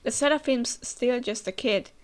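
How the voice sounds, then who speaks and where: A woman's voice: a little high, moderate pace, natural voice. A woman voicing a folksy male scientist with a put-on cowboy drawl.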